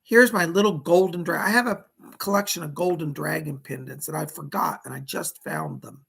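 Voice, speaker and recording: Gravelly-voiced man giving psychic readings. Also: a little high, normal speed. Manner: soothing instructive guidance, then chatty and excited. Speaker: psychic medium. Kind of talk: live-streamed guided meditation and psychic readings.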